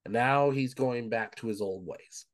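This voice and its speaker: A man's voice: mid-range voice, unhurried, dry recording, clean studio sound. A man co-hosting a book club podcast, casually recapping the plot, leaning on "um" and "of course" as he goes. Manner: retells plot with frequent "um" and "of course".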